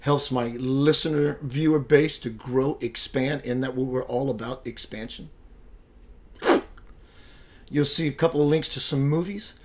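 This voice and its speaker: A man hosts a spiritual web radio show in a medium-pitched, darkish voice, speaking unhurriedly with fairly even intonation over slight background noise. In this casual livestream chat he's playful, greets viewers by name and laughs often.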